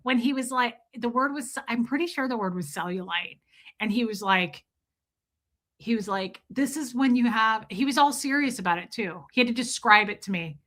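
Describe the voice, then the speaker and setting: Woman livestream host, bright tone, slightly high voice, chatty storyteller who laughs and swears easily. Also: animated, normal speed. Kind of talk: casual livestream chat with viewers.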